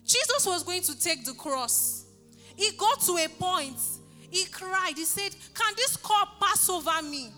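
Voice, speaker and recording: A woman delivers a sermon, her high, bright voice pressing and repeating phrases with fervent urgency. She rings through a reverberant church hall with soft music underneath. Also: animated, measured pace. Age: 30s. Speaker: preacher. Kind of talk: sermon with altar call.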